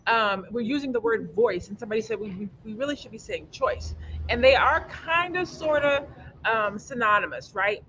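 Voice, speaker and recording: Male panel host, high voice, slight lisp from aligners, earnest, dull lo-fi livestream audio. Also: expressive, moderate pace, pushed and bright, a little hiss or hum. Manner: earnest, stumbling over words.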